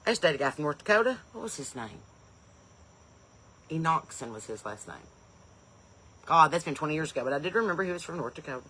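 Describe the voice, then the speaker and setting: A comedian and podcast host runs a live stream in an easy, chatty way, her voice bright, forward, and on the low side. She calls out viewers' locations in eager, loud bursts before chatting on casually. There's a little hiss or hum in the recording.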